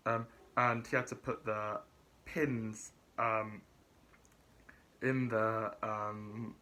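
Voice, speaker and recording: A man giving a casual spoken TV review, halting with many fillers and restarts. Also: fairly low pitch, level tone, pushed and bright. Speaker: reality show reviewer.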